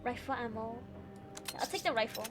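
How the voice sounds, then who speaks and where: A woman's voice: fairly high pitch, normal speed, music in the background. A young woman streaming a video game, chatting casually, rambling and giggling to herself. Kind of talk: casual gameplay commentary.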